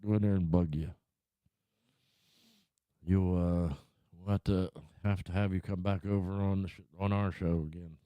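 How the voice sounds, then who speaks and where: A middle-aged man talks to his livestream viewers in a low, warm voice, heavy with swearing and restarts. He rambles and gets worked up when he complains. The sound is dry and close, with almost no room echo. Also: steady tone, normal speed, pauses often. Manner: profane, rambling, worked-up ranting. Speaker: livestream host. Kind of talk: casual rant and chat to viewers. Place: home room.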